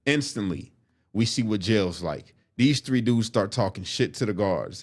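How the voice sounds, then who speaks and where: Guy telling a wild story, low-ish voice, cussing a lot, acts out the quotes. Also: measured pace. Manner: profane, animated, acts out quotes. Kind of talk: casual storytelling.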